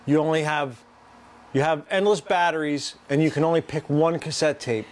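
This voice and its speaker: A man hosting a live art stream, explaining his work in a halting, rambling way with lots of restarts. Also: fairly high pitch, steady tone, slight background noise. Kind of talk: casual live-stream chat while working.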